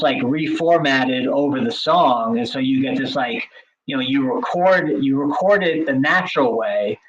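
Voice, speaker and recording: A man in a casual podcast conversation, a drum teacher talking in a loose way full of fillers and restarts. His voice sits at an ordinary middle pitch. The recording sounds slightly muffled and lo-fi. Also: a bit bright. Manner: chatty, many filler likes and restarts. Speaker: podcast co-host.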